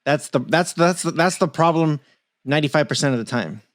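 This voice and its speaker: A man's voice: fairly high pitch, brisk, no room sound. A man co-hosting a casual podcast, swearing and laughing a lot. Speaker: podcast co-host. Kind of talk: casual chat.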